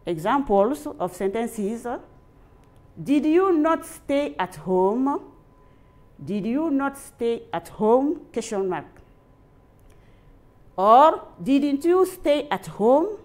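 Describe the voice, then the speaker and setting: A woman teacher with a Malian accent, dictating an English grammar lesson at a very slow, deliberate pace. Her voice sits fairly high, and she repeats every example twice so students can write it down. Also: lively intonation, a little mellow. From Mali. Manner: repeats each phrase slowly, as if dictating.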